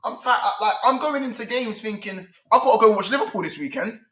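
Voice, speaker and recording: A man's voice: sits high, animated, fast talker, fairly bright tone. A young man, ranting about football in a heated, casual debate and repeating his points in frustration. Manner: exasperated, repetitive ranting. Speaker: football fan panelist.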